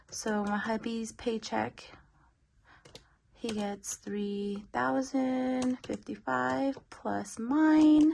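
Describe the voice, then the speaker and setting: A young woman, pregnant and a bit short of breath, talks casually through her household budget. Her voice has a gravelly, fry-laden edge at a middling pitch. She fills pauses with frequent ums. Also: fairly bright tone. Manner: chatty, many um fillers. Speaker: budgeting vlogger. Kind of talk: casual walkthrough of a monthly budget.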